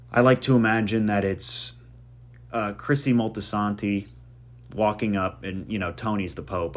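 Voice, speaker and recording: A man hosting a casual podcast monologue, with a somewhat low voice. He rambles from one joke to the next, wandering off on tangents. He pokes fun at himself as he goes. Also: fairly bright tone. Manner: rambling, jokey tangents, self-deprecating. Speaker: podcast host.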